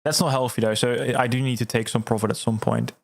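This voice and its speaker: A man hosting a livestream, chatting casually and reading out viewer comments, excitable, laughing often and repeating words. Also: mid-range voice, fast talker, gravelly. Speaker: livestream host.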